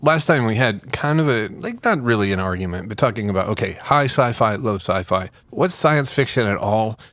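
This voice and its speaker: A man's voice: fairly low pitch, expressive, moderate pace, a bit bright, dry recording. A man hosting a casual book podcast, joking and rambling with lots of fillers. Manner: rambling, jokey, many fillers. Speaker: podcast host. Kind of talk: casual chat.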